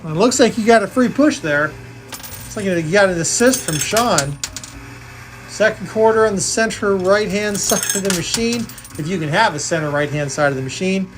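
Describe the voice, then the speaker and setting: Calling the action on a live coin-pusher stream, this woman jokes around and tallies the scores out loud. Her mid-range voice moves at a moderate pace with lively intonation, and there's noise in the background.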